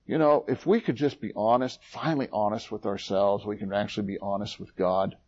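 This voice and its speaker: A man preaching a sermon, reading scripture aloud in a rising, dramatic voice and dropping low and quiet for his own asides. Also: fairly even intonation, brisk, husky, highs cut off.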